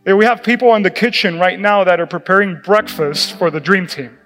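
Animated high-voiced male pastor preaching. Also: fairly quick. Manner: animated, laughing, acts out quoted voices. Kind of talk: sermon. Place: church sanctuary. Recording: reverberant church hall with music.

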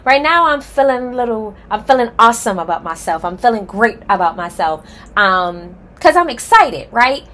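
Nervous yet excited, a podcast host delivers a passionate solo introduction, addressing her listeners directly as "y'all" with heartfelt emphasis. Her voice is a little high and sing-song, fairly bright in tone, at normal speed.

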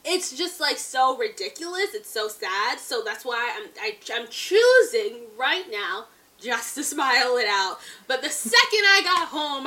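A woman's voice: sits high, very animated, unhurried, pushed and bright, recorded from a distance. A woman in her twenties co-hosting a podcast, chatting casually and animatedly, laughing often and saying "like" a lot. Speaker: podcast co-host. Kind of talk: casual chat.

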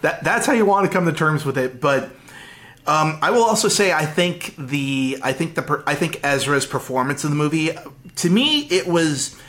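A man co-hosting a casual movie podcast, talking excitedly with frequent stammered restarts. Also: a little high, normal speed. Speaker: podcast co-host. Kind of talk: casual movie review chat.

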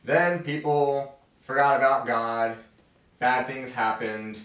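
Man, mid-pitch, conversational Bible study host, animated quote reading; distant mic, roomy sound. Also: slow pace. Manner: conversational, voices the characters' quotes with feeling. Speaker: host reading and explaining scripture. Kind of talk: casual Bible study teaching.

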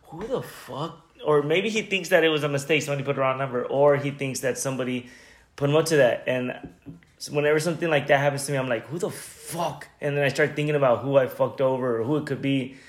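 A man's voice: medium pitch, echoey room. A man co-hosting a podcast, chatting casually, teasing his co-host and swearing freely. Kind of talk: casual chat.

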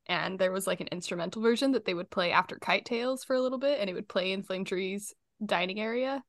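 A young woman talks casually as a co-host, full of enthusiasm and breaking into frequent laughter. Her voice sits in an ordinary middle pitch. The sound is dry and close, with no room around it. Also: gravelly, a bit bright, no echo. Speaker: podcast co-host. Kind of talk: casual chat.

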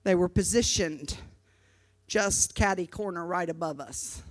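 A woman preaching a sermon, telling a story dramatically and breaking into loud, shouted exhortations. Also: fairly low pitch, unhurried, poor audio.

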